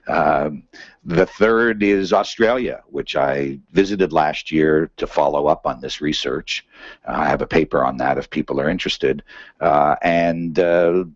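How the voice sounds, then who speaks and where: A man's voice: a bass voice, a little slow, dry recording. A man giving a conversational academic seminar talk, full of fillers and "right?" checks. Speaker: seminar speaker. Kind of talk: academic lecture. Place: seminar room. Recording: dull muffled lecture recording.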